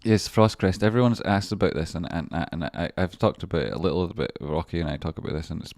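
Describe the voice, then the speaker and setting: A man with a low voice runs a trading livestream, chatting loosely over his charts. He swears freely and keeps breaking off to greet viewers. The sound is close and dry, with no room around it. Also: fast, darkish tone, dry recording. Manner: rambling, profane, chatty asides to viewers. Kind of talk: casual live-stream chart commentary.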